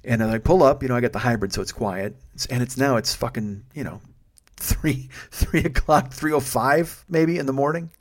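Male storyteller, middle pitch, casual, blunt and profane. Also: moderate pace, hardly any pauses. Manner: blunt, profane, exasperated retelling. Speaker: storyteller, rideshare driver.

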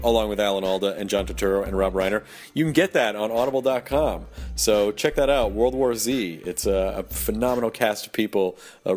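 A man hosting a podcast with a nearly lost voice, rambling and self-mocking through an intro and ad read. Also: darkish tone. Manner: rambling, self-mocking, jumps between high and low. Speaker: podcast host.

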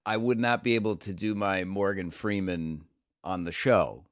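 Animated, cursing male voice actor. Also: deep voice, normal speed, no room sound, studio quality. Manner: animated, swearing storyteller. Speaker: comedian and voice actor. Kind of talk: casual interview chat.

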